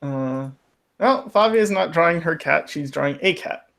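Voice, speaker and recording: A man's voice: a little high, expressive, normal speed, vocal fry, fairly bright tone. A man hosting a casual art critique chat, playful and joking. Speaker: host.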